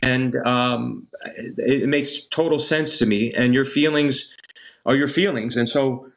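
Male priest, gentle and careful, reassuring radio guest. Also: mid-range voice, measured pace, creaky. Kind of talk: call-in radio conversation.

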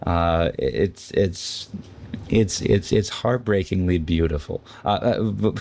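Reflective low-voiced man, halting. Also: gravelly, darkish tone. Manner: reflective, stammering, searching for words. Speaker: podcast co-host. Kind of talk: casual literary discussion.

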